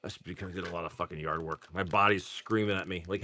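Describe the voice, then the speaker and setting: A man's voice: low voice, steady tone, fast, few pauses, sharp tone. A tired middle-aged man hosting a live card-opening stream, casually chatting, teasing viewers and swearing freely. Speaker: card-breaking stream host.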